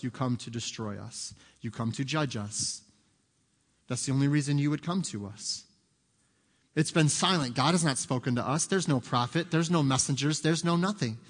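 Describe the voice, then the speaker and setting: A man preaching a sermon as pastor, emphatic, swinging from soft, quiet asides to loud, high climaxes. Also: big-room sound.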